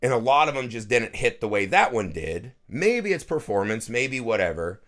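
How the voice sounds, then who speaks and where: A man in his thirties co-hosting a podcast, chatting casually, swearing freely and acting out film scenes with lively energy. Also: mid-range voice, moderate pace. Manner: animated, swears freely, acts out movie scenes. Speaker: podcast co-host. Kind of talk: casual chat.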